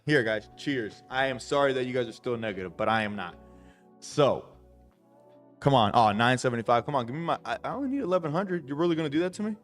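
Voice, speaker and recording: A man's voice: mid-range voice, quick pace, soft background music. Brash, swearing man hyping a livestream. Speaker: trading livestream host. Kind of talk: excitable livestream chat.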